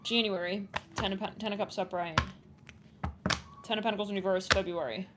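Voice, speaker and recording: A woman's voice: mid-range voice, steady tone, brisk. Chatty woman doing a tarot reading. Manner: chatty, thinks aloud, trails off and restarts. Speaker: tarot reader. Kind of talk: casual tarot reading for viewers. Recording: audible background noise and clicks.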